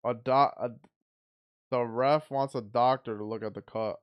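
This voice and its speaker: Smooth-voiced man calling a fight live. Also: mid-range voice, a little slow, highs cut off. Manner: excitable, blunt play-by-play with frequent restarts. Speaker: watch party commentator.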